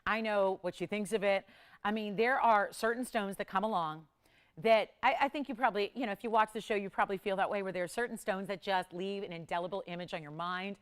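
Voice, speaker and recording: A woman's voice: medium pitch, fast, clean tone. A woman hosting a live TV jewelry shopping show, enthusiastic and repeating words for emphasis. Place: TV studio.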